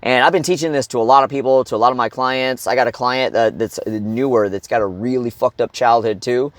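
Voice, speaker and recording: A man's voice: medium pitch, brisk, no room sound. Blunt, profane man coaching, dry sound. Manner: blunt and profane, keeps checking in with "okay?"; bursts into loud shouts and grunts to demonstrate. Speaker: fitness and life coach. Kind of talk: motivational coaching monologue.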